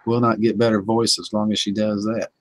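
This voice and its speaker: A man's voice: on the low side, level tone, a little fast, dry recording. A man hosting a casual home livestream, chuckling often and greeting chat viewers by name. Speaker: livestream host.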